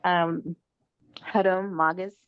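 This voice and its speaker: A woman's voice: fairly low pitch, steady tone, takes it slowly, clear, resonant tone, no room sound. A woman student in an online language class, reading hesitantly and unsure of the words. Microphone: video call. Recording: dry lo-fi call audio.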